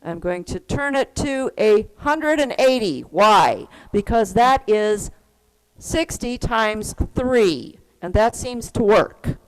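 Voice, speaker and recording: A woman's voice: medium pitch, animated, takes it slowly, clear, resonant tone. A woman teaching an online keyboard class, patiently explaining rhythm and counting beats aloud. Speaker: music teacher. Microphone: computer mic on a video call.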